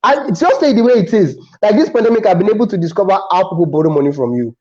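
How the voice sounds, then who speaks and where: A man with a Nigerian accent, a comedian chatting as a guest and telling stories with animated restarts. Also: high voice, fast, highs cut off. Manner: animated storytelling with frequent restarts. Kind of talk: casual interview chat.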